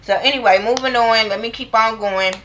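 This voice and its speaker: Blunt, bright-voiced woman vlogger. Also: a little high, brisk, dull audio, slight background noise. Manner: blunt, profane, opinionated slang-heavy talk. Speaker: reality TV recap vlogger. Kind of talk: casual episode review commentary.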